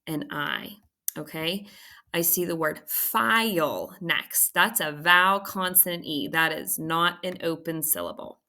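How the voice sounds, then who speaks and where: Slow, bright-voiced woman teaching phonics. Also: on the low side. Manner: patient, checks in with frequent "okay?". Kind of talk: recorded phonics lesson.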